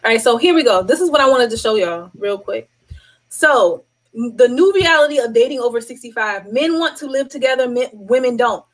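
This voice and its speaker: Young woman vlogger, fairly high voice, emphatic and repetitive to-camera commentary. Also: moderate pace, rough recording. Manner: animated, emphatic, repeats points to drive them home.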